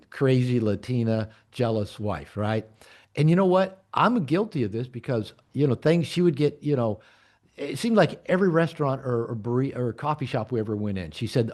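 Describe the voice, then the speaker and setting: A man's voice: medium pitch, darkish tone. An older man, an author and coach, giving a blunt, candid talk to an audience of men and telling stories from his own marriage. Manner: blunt, candid, storytelling with profanity.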